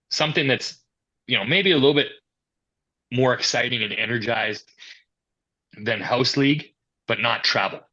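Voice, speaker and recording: Interview guest: a man with a low, forceful voice who tells stories in a conversational way. The recording sounds dull. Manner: storytelling, quoting others in animated asides. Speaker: hockey youth and amateur coordinator. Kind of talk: podcast interview answers.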